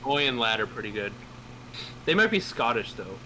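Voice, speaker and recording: A man's voice: mid-range voice, very animated, normal speed, noisy background. A British man chatting casually while streaming a game, laughing often and joking with friends. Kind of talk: casual gaming chat. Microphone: headset or desk mic.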